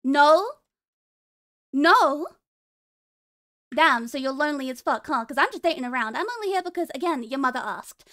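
High-voiced playful woman streamer. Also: expressive, fast talker, few pauses, fairly bright tone. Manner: playful and teasing, laughs often. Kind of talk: casual live-stream chat.

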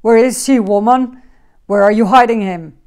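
A woman voicing a huge, bad-tempered giant man in a storybook, bellowing slowly and loudly. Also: fairly high pitch, natural voice. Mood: booming. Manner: bellowing, slow and loud.

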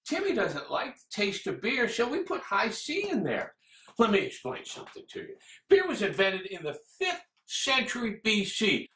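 A man's voice: high-pitched, wildly swooping pitch, normal speed. Ranting man in a roomy echo. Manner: ranting, escalating to shouts. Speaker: comedian reviewing drinks. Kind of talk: scripted comedic monologue.

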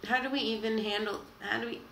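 A young woman chats through a reaction video, exasperated and dramatic, trailing off mid-sentence. Her voice is bright with a gravelly fry. The room is echoey with a faint hiss behind her. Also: on the high side, steady tone, fast talker. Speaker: reaction vlogger. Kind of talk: casual reaction chat to camera.

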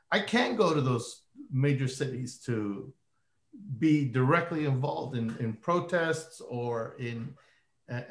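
A man speaking as a panelist on a virtual conversation, measured and hesitant, pausing on fillers. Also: mid-range voice, roomy sound. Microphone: video call.

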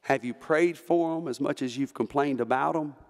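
A man with a Southern American accent preaching a fervent Baptist sermon from the pulpit, rising to shouts at the peaks. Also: medium pitch, normal speed. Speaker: pastor. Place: church sanctuary. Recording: long church hall reverb.

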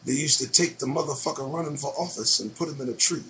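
A man's voice: fairly high pitch, fast, pushed and bright, slight background noise. A man hosting his own show, reading news headlines aloud and reacting to them with profane, sarcastic commentary. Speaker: show host.

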